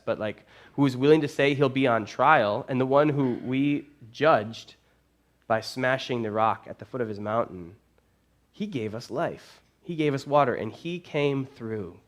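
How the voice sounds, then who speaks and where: A man preaching a sermon as a pastor, retelling a story with animated, casual phrasing. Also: medium pitch. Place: church.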